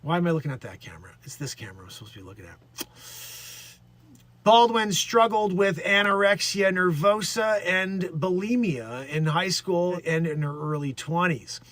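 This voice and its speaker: A man's voice: high-pitched, animated, normal speed, fairly bright tone, dry recording. A man hosting a live stream, chatting casually in a rambling, jokey way, laughing at his own bits. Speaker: livestream host.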